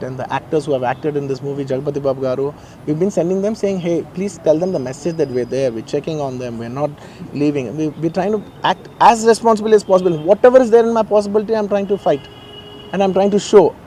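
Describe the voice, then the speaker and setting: A man's voice: on the high side, mellow, slight background noise, low-quality recording. A man in his forties with a Telugu-influenced Indian English accent, making an earnest, insistent statement to the press outdoors. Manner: earnest, repetitive, pleading insistence. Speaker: actor addressing the press. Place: outdoors in a garden.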